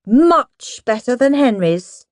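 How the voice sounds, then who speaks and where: A woman's voice: a little high, very animated, slow pace, darkish tone, no echo. A woman voicing a moody girl who bosses others around as a pretend headteacher, snapping and imperious. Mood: bossy.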